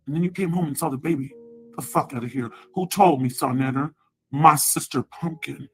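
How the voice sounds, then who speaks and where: A woman's voice: deep voice, gravelly, husky, dry recording, rough recording. A woman in a profane, rambling angry rant, taunting and repeating herself.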